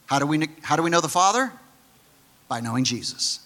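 Pastor, male: bright, forceful, slightly higher voice; talks the congregation through scripture conversationally. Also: animated, fast. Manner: conversational teaching with frequent restarts; acts out the quoted figures in his own voice. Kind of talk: sermon.

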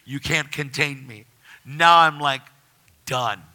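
A man giving an animated personal faith testimony, telling his story with excitement. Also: on the high side, takes it slowly. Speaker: testimony speaker.

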